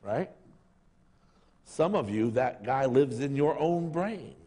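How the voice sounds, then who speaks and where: A man's voice: medium pitch, lively intonation, slow pace, dark tone. A man preaching a casual, joking sermon to his church, calling out to the congregation and asking for amens. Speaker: pastor. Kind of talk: lively sermon. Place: church service in a sanctuary. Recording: long hall reverb.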